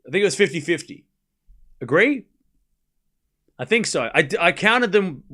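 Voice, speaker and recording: Australian man, young adult, stream host, chatty, laughs often, slightly higher voice. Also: very animated, moderate pace, a bit bright. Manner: chatty, laughs often, calls points between chat replies. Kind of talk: live watchalong commentary, reading chat.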